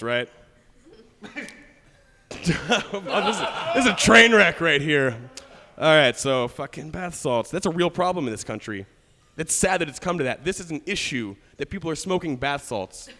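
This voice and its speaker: A man's voice: on the high side, expressive, moderate pace, background noise. A young man performing a stand-up comedy set, brash and crude, laughing at his own jokes. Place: studio stage with live audience. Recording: live audience with long hall reverb.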